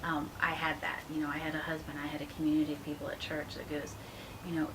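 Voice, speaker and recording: A woman guest in a casual interview, telling her story with animated quotes that soften into a hushed, earnest tone. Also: sits low, brisk, noisy background. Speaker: interview guest, ministry founder.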